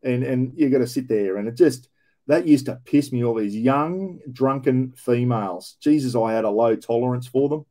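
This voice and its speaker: A man's voice: medium pitch, moderate pace, warm tone. A man with an Australian accent, a former police officer, telling blunt, profane stories with plenty of slang in a casual reaction commentary.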